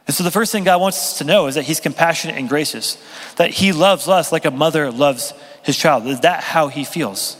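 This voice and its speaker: A man's voice: fairly high pitch, brisk. Young male pastor preaching in a hall. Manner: conversational, self-deprecating humor, lively. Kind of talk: sermon. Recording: long reverb of a hall.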